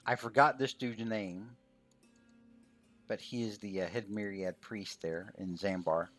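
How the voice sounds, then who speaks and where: A man running a tabletop game as game master, narrating in a relaxed way full of fillers. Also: fairly low pitch, measured pace, soft background music.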